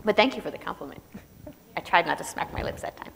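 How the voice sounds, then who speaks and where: A woman author telling funny stories on an opera house stage, lively and laughing, into a stage microphone. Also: lowish voice, quick pace, vocal fry. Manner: lively, laughing comic storyteller. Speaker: guest author. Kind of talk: onstage storytelling Q&A. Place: large opera house stage before audience. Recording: reverberant hall, faint noise.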